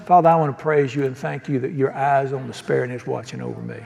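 A man's voice: medium pitch, fast, gravelly, a little mellow, in a large hall. A man preaching a sermon as pastor, folksy and joking, often asking the congregation questions. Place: church sanctuary.

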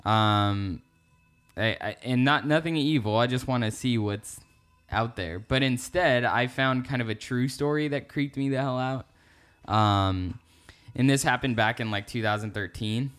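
A man's voice: medium pitch, measured pace, a bit bright, smooth. A man co-hosting a podcast, talking in an easygoing casual chat. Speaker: podcast co-host.

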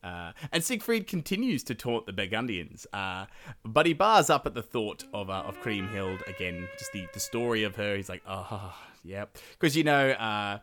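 A man's voice: on the low side, big pitch swings, moderate pace, a bit bright. A man hosting a podcast, retelling a medieval epic in a casual, profane, slangy way with laughing asides. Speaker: podcast host.

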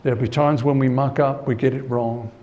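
A man delivers a sermon with a warm, mellow voice at an ordinary pitch. He preaches conversationally, repeats his main points for emphasis and drops in "you know" as he goes. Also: fairly even intonation, a little fast, muffled recording, slight background noise.

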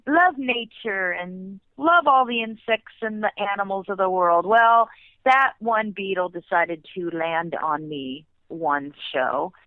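A woman and former theme park performer, telling stories in a casual, animated way as an interview guest. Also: mid-range voice, no echo. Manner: animated, with bursts of laughter. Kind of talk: casual storytelling. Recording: tinny phone line.

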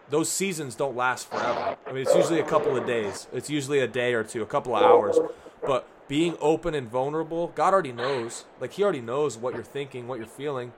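A young man co-hosting a casual talk about faith, earnest and relaxed, saying "like" often. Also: medium pitch, a little fast, noisy background. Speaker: podcast co-host.

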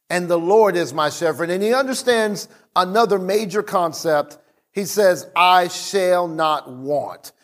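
High-voiced energetic male pastor preaching. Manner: energetic, repetitive preaching with slowed emphatic quotes. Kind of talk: sermon.

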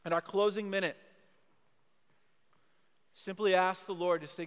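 A man's voice: high-pitched, steady tone, measured pace, pauses often, clear, resonant tone. Emphatic male preacher in a reverberant hall. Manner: emphatic, repeats key phrases, then drops to a hushed prayer. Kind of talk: sermon. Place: university chapel or hall.

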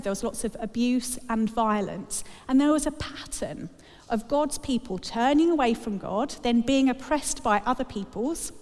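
A woman delivers a sermon with a chatty, wry humour. Her voice sits somewhat high. The sound carries a long reverb, as in a church hall. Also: darkish tone. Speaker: preacher.

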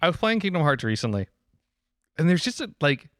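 Lively, animated man on a podcast. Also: on the high side, a little fast, no room sound, studio quality. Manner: lively, laughs easily, swears casually. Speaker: podcast co-host. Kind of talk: casual chat about video games.

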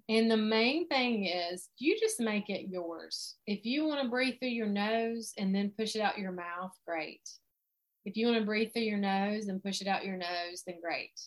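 A middle-aged woman with a drawl talks straight to her listener as a life coach. Her voice sits at an ordinary middle pitch, and her delivery is earnest and informal, with plenty of conversational fillers. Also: unhurried. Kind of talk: informal teaching monologue.

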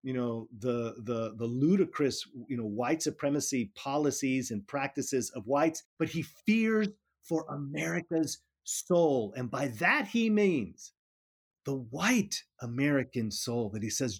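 In an interview conversation, a middle-aged professor of politics thinks aloud, frequently starting over and repeating words. He sounds animated, with a medium, darkish voice at a moderate pace.

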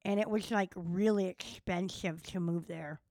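A woman's voice: on the low side, fairly even intonation, a little slow, darkish tone, no room sound. A woman co-hosting a podcast in casual banter, teasing and matter-of-fact. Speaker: podcast co-host.

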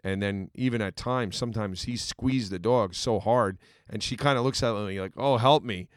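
A man's voice: fairly low pitch, moderate pace, dry recording, studio quality. A middle-aged man co-hosting a casual talk show, earnest and storytelling, with many fillers. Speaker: podcast co-host. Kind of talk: casual chat.

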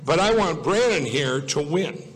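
A man with a somewhat high voice gives a loose, digressive speech to a crowd, circling back and fixing his own words as he goes. His talk is folksy and off the cuff. It carries a long reverb from a large hall. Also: lively intonation, measured pace, slightly rough. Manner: digressive, self-correcting, folksy. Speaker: speaker at a political event. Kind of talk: rambling public speech.

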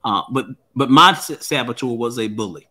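A man's voice: medium pitch, normal speed, bright, forceful tone. A man who is a guest and author, telling a personal story in an interview in an earnest way and often repeating words as he starts a thought.

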